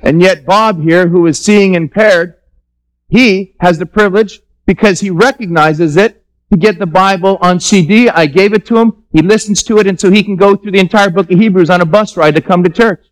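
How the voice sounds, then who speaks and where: High-voiced man preaching a sermon. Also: normal speed, poor audio. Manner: conversational, emphatic preaching with rhetorical questions to the congregation. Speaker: pastor. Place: church.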